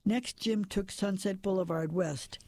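A man reading a novel aloud as narrator, in a steady, plain manner with an occasional slip and restart. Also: high-pitched, unhurried. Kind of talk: audiobook narration.

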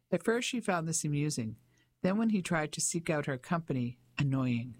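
An audiobook narrator reading a novel in an even, measured storytelling manner. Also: medium pitch, dry recording. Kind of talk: scripted narration.

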